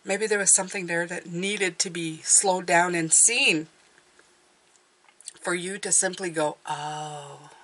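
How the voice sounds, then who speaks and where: A woman with a somewhat low speaking voice gives a relaxed tarot reading straight to her viewers. She talks in an encouraging, reassuring way and keeps checking in with a quick "okay?". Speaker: tarot reader.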